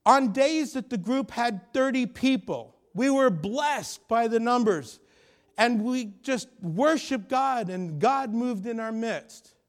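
A middle-aged man preaching a sermon, telling a personal story and rising to loud, emphatic peaks. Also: very high voice, animated, slow pace. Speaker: pastor.

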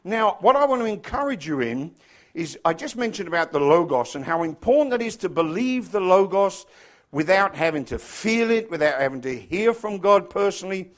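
English man, middle-aged, pastor, informal sermon, joking, somewhat high voice. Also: very animated, moderate pace. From England. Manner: chatty, joking with the congregation, bursts of mimicry. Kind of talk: casual sermon.

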